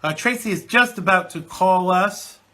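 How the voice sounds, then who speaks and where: A man's voice: sits high, moderate pace, sharp tone. Chatty British-based man hosting a talk show. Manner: chatty, rambling, many fillers. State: chesty cold. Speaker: host. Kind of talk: live internet talk show.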